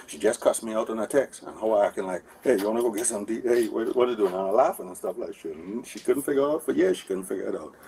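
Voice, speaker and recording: A man's voice: lowish voice, creaky, a little mellow. Rambling man caught on bodycam. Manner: rambling, repetitive, keeps asking for agreement. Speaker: man speaking to police. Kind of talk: heated conversation with officers. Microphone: officer's body camera. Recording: distant bodycam audio with faint background noise.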